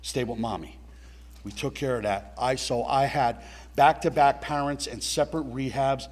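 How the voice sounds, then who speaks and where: This middle-aged man speaks in a mid-range voice at a moderate pace. He's sharing a blunt story from his own life at a recovery meeting, cursing and addressing his listeners straight on.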